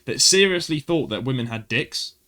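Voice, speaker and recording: A man's voice: mid-range voice, lively intonation, normal speed, bright, forceful tone, a little hiss or hum. A young man co-hosting a casual podcast, telling stories animatedly and mimicking voices. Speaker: podcast co-host. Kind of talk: casual chat.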